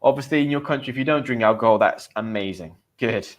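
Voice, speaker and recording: A man's voice: medium pitch, quick pace. A man with a British accent teaching English slang in a live stream, chatting with viewers and reading out their comments.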